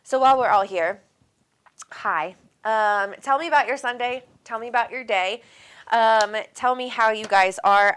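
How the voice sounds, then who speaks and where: A woman's voice: mid-range voice, fairly bright tone, clean tone. A woman with a Minnesotan accent hosting a spiritual livestream, chatting casually and affectionately as she reads viewer comments aloud, with plenty of ums. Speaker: spiritual medium and livestream host.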